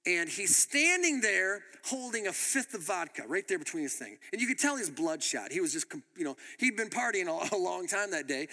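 A man preaching a sermon as a pastor, an animated storyteller who laughs as he tells his stories. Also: high-pitched, a little fast, few pauses, in a large hall.

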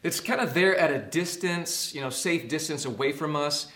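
A man preaching a sermon as a pastor, earnest, dropping to a hush and rising to emphasis. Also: on the high side, lively intonation, moderate pace, roomy sound. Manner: earnest, swings from hushed to emphatic.

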